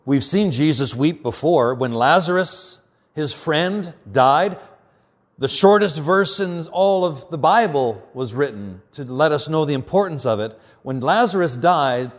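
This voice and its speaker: A man preaching a sermon as pastor, earnest, often dropping quiet and slow for emphasis. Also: on the high side.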